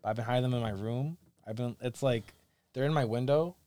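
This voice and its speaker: A man's voice: medium pitch, brisk, dark tone. A young man hosting a podcast, telling casual stories with lots of profanity and acted-out quotes. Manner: storytelling, profane, acts out quotes. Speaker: podcast host. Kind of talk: casual chat.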